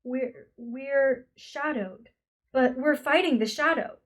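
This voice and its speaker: A woman's voice: sits high, slow, pitched above the performer's own voice. A woman voicing an earnest, frank teenage boy who answers eagerly.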